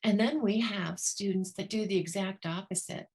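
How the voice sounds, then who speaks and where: A woman's voice: mid-range voice, moderate pace, a little mellow, a little hiss or hum. A woman who leads a children's divorce program, telling a story in an earnest way and acting out the voices of the people she quotes. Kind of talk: storytelling talk.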